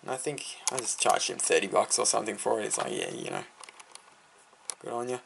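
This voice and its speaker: A man's voice: on the low side, huge pitch swings, a little fast, vocal fry, fairly bright tone, a little hiss or hum. A teenage boy with an Australian accent chatting casually about starting his lawn care business, rambling and full of fillers. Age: teens. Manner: rambling, filler-heavy, easily sidetracked. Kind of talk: casual storytelling vlog.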